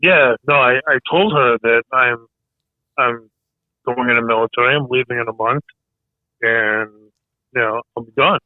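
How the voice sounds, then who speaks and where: Hoarse, halting man over a tinny line. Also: mid-range voice, dry recording. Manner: halting, hesitant speech. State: losing his voice. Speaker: military veteran guest. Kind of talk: casual podcast interview.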